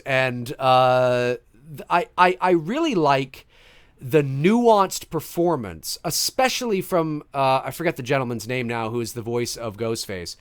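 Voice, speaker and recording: A man's voice: on the high side, clean tone, no room sound, clean studio sound. A man hosting a casual podcast chat, rambling with many restarts and fillers. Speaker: podcast host.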